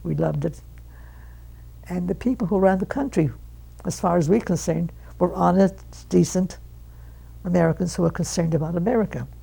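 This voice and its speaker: A woman of one hundred telling stories from her life in an interview, animated and acting out the voices of her relatives. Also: lowish voice, moderate pace, creaky, pauses often, slightly rough, low-quality recording. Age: 100. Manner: animated storyteller who acts out quoted relatives. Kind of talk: reminiscing storytelling.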